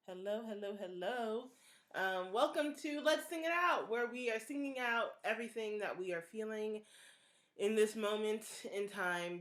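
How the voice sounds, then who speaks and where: A woman from the Maryland suburbs hosting her own live stream as a singer-songwriter, answering viewer questions in a relaxed, earnest way and thinking aloud with pauses and restarts. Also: medium pitch. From Prince George's County, Maryland, USA.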